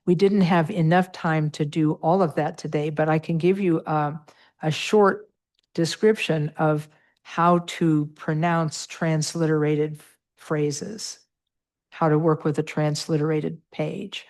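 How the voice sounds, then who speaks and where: A woman's voice: deep voice, steady tone, unhurried, darkish tone. A middle-aged woman teaching a Buddhist meditation class, patiently walking through pronunciation with many fillers.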